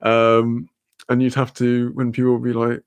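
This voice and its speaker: A man's voice: medium pitch, monotone, normal speed, clean tone, dry recording. A Welsh man streaming a casual chat, laughing often, swearing freely and reading chat messages aloud. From Wales.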